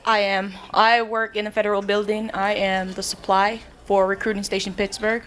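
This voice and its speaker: A woman's voice: medium pitch, level tone, normal speed, fairly bright tone, slight background noise. A woman who serves as an active-duty Marine sergeant, speaking up from the audience at a live event, direct and good-humored. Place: restaurant event room.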